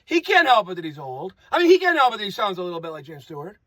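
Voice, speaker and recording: Brief: rambling improviser, bright, crisp voice, dry close sound, loops on his own words. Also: high-pitched, wildly swooping pitch, racing, dry recording. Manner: rambling, repetitive, playful wordplay. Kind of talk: improvised comic monologue.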